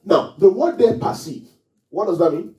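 A pastor addresses his church congregation, posing frequent questions and waiting for answers. His high, warm voice is animated and moves at a moderate pace. The sound comes from a far-off mic in an echoing hall.

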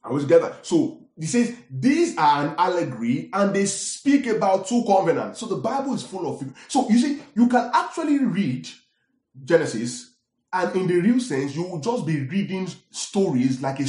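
A man preaching a sermon, often asking his congregation questions in an animated way. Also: on the high side, normal speed. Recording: echoey hall.

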